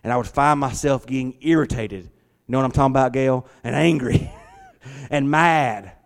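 A middle-aged man, preaching a lively, conversational sermon from a church hall. He repeats his words and talks back to the congregation. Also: medium pitch, moderate pace, creaky. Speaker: pastor. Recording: long church hall reverb.

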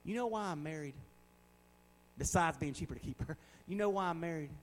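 A man's voice: on the high side, brisk, a little hiss or hum, low-quality recording. A man in his forties preaching a sermon in a conversational way, with joking asides and words repeated for emphasis. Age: 40s. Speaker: pastor.

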